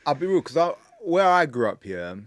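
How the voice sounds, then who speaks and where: A man's voice: on the high side, moderate pace, no echo. A man with an English accent, a comedian guest chatting casually and swearing a lot. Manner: lively, sweary, laughs often. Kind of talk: casual chat.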